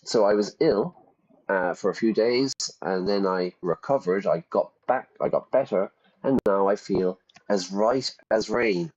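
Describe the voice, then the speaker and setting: Low-voiced male English teacher, chatty. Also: measured pace, darkish tone. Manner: chatty, explains words with examples, asks "yeah?". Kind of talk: casual vocabulary lesson over gameplay. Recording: dull lo-fi sound.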